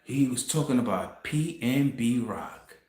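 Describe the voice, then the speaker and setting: A man hosting a casual commentary monologue, telling a story in an animated way, laughing and swearing as he goes. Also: mid-range voice, a little slow, reverberant. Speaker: commentary host.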